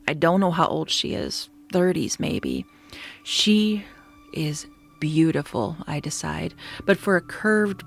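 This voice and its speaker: A woman narrating a scripted horror story in a steady, descriptive manner, sometimes dropping to a hush. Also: on the low side, creaky. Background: faint background music.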